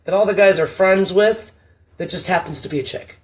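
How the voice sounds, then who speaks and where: A woman stand-up comedian, chatting as a podcast guest and telling stories in a blunt, profane, animated way. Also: mid-range voice, fairly quick, a little hiss or hum. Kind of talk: casual chat, storytelling.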